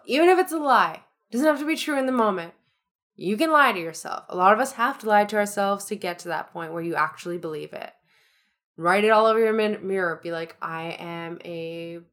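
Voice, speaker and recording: A woman's voice: medium pitch, fairly bright tone. A young woman co-hosting a podcast, talking in an upbeat, chatty, motivational way. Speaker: podcast co-host. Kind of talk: casual chat.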